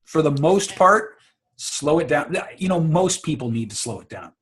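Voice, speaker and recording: A man's voice: fairly high pitch, lively intonation, moderate pace, fairly bright tone. A man coaching public speaking on a video call, confident and emphatic, often repeating words as he restarts. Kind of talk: casual advice on a video call.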